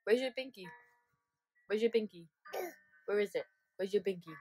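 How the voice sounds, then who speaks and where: A woman's voice: mid-range voice, normal speed, warm tone, soft background music. A mother at home talking to her baby in coaxing, sing-song baby talk and laughing often. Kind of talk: home video chat with a baby.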